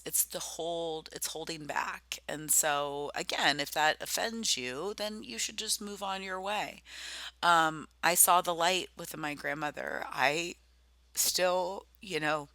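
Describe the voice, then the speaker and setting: A woman's voice: deep voice, slow, pushed and bright, no room sound. A middle-aged woman giving a rambling personal slideshow presentation, full of ums and self-corrections.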